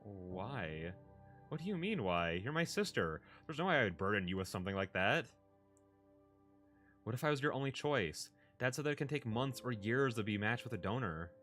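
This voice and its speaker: A man reading as an anxious young woman whose sisterly worry comes out in halting, emotional phrases. His voice sits low, with faint music underneath. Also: sing-song, a bit bright. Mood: confused.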